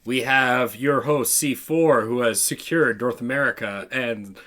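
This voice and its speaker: A man's voice: medium pitch, a little slow, fairly bright tone. A man giving playful updates on a board game in casual chat. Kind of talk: casual chat while gaming.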